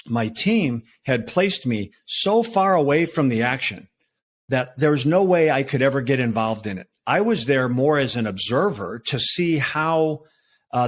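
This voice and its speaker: A man in his sixties recounts his past at an easy pace, his voice sitting at an ordinary middle pitch. He talks loosely, with plenty of fillers and restarts, like a guest on a podcast. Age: 60s. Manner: relaxed, with frequent fillers and restarts. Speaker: retired federal agent, podcast guest. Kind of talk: conversational storytelling.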